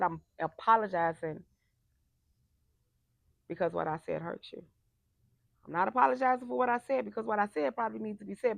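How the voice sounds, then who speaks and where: Gravelly, passionate woman coach. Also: fairly low pitch, no echo. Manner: emphatic, gets loud and animated when making a point. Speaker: life coach. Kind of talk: passionate motivational talk.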